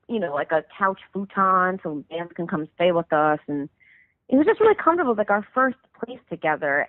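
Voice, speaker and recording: Over a tinny, dry phone connection with no echo, a woman in her thirties tells a long, meandering story as a musician guest. Her somewhat low voice leans constantly on "like" and other fillers.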